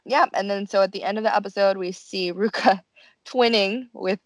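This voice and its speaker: A young woman co-hosting a casual chat, animatedly recapping a show and acting out quotes in high voices. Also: normal speed, no room sound. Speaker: podcast co-host.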